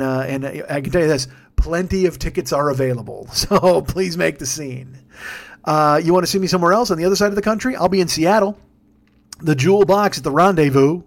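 A man's voice: on the high side, a little fast, gravelly. A man hosting his podcast late at night, a tired, yawning stand-up comedian rambling through show plugs with lots of swearing and self-mocking jokes. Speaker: podcast host.

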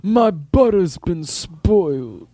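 A man voicing a slow, dopey old Italian-American man with an Italian-American accent. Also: high voice, sing-song, dark tone, no room sound, exaggerated voice. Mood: mopey.

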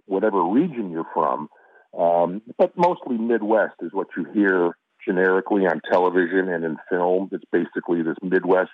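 Brief: man from Chicago, middle-aged, rambling anecdotes, lowish tone, dry close sound. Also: a little fast, no echo. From Chicago, USA. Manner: relaxed storytelling with restarts. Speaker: actor guest. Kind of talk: casual interview chat. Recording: dry, phone-like line.

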